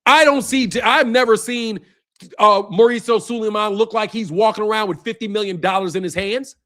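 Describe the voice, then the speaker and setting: A young man runs a boxing livestream in a high, sharp-toned voice at normal speed. Combative and heated, he rants at viewers in chat, repeatedly tacking "bro" onto what he says.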